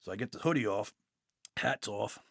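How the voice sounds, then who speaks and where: Man, New York accent, gravelly voice, dry close sound, blunt profane storyteller. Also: fairly low pitch, animated, moderate pace, dry recording. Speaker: guest, police officer. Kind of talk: animated storytelling interview.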